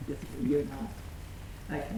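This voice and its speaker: A woman theatre director coaching actors through a rehearsal, enthusiastic and calling out sharp commands. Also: level tone, normal speed. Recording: echoey room, faint rumble.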